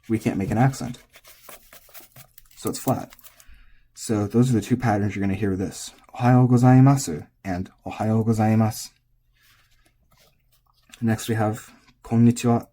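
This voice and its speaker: An American man with a husky voice, giving a casual spoken lesson on Japanese pitch accent and thinking aloud with hesitant restarts. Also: warm tone.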